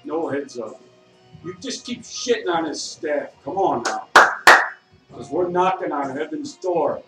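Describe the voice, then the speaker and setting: Man at a bar, profane rambling rant with sudden shouts, lively pitch, recorded from a distance in a roomy space. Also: unhurried. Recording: echoey room, distant mic, faint music.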